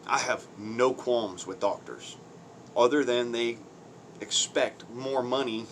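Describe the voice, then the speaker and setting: A man's voice: lowish voice, a bit bright, slight background noise. A man ranting on his own channel in blunt, crude, mocking commentary, swearing heavily, using folksy slang and laughing between points. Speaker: vlogger.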